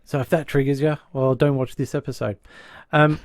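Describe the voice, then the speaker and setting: Male podcast host with a mid-range voice, dry booth sound, chatty plot recap with quick character voices. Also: medium pitch, steady tone, no room sound. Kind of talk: casual podcast chat.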